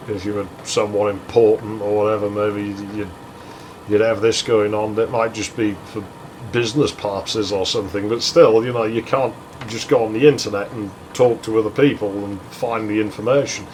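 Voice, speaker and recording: A man's voice: lowish voice, fairly even intonation, moderate pace, a little hiss or hum, low-quality recording. A man hosting a let's play, rambling in sardonic, sweary commentary. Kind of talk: rambling commentary over gameplay.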